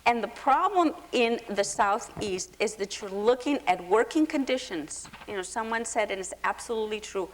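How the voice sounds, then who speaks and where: An impassioned woman speaking on a panel at a public forum. She drives her points home with emphasis and keeps checking in with the audience, at a middling pitch. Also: lively intonation, normal speed, hardly any pauses, slight background noise. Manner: impassioned, emphatic, frequent "okay?". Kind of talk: panel discussion. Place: lecture hall forum.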